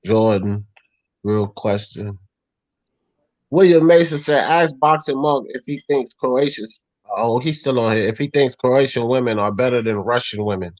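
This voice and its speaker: A man hosting a casual boxing call-in live stream, briskly calling on people and thanking viewers. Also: mid-range voice, darkish tone, no room sound, low-quality recording. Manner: brisk, calls on people, acknowledges donations. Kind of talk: casual call-in talk show.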